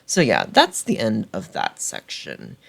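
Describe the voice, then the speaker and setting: An animated man recaps a book in a loose, chatty vlog style, dropping fillers constantly. His voice swings widely in pitch as he talks. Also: measured pace, gravelly. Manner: chatty, animated, full of "like" and laughter. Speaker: book reviewer.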